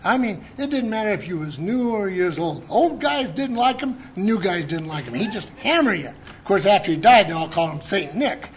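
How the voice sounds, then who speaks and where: A man's voice: sits high, sing-song, moderate pace, few pauses, background noise. A man at a conference, telling his recovery story in a folksy, rambling way, with many restarts, and acting out the voices of the people he quotes. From Montana. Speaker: conference speaker. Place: conference hall. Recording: lo-fi conference tape.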